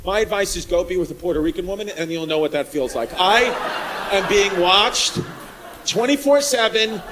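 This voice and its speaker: A male stand-up comedian performing a brash set on a comedy club stage, shouting punchlines over a laughing crowd. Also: sits high, animated, normal speed. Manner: brash, loud bursts of shouting. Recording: live club recording with crowd noise.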